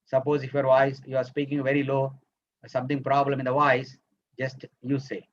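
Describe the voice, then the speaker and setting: A man's voice: mid-range voice, completely flat delivery, normal speed. Man, teacher trainer, repeats phrases, explanatory tone, dull lo-fi audio. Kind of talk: spoken English lesson for teachers.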